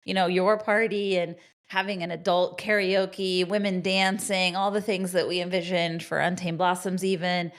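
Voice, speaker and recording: A woman with a somewhat low voice co-hosts a podcast in easygoing conversation. She talks reflectively and warmly about shared moments, often leaving sentences hanging as she thinks. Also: little pitch movement, moderate pace. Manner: chatty, reflective, trails off mid-sentence. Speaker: podcast co-host. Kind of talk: casual chat.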